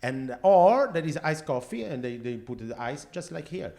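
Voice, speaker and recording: A man with an Italian accent, a podcast guest in casual chat, who pauses to search for English words and sounds incredulous about food habits. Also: fairly high pitch, big pitch swings, gravelly, dark tone.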